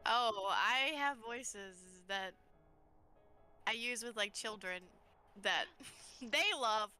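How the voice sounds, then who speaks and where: A woman's voice: fairly high pitch, slow pace, pushed and bright, smooth, soft background music. A woman playing a tabletop game over voice chat, shy and hesitant, giggling as she talks. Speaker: player.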